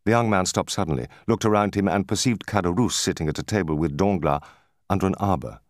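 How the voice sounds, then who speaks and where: A man narrating a classic novel in a measured, expressive storytelling voice. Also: sits low, no echo, studio quality. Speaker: audiobook narrator.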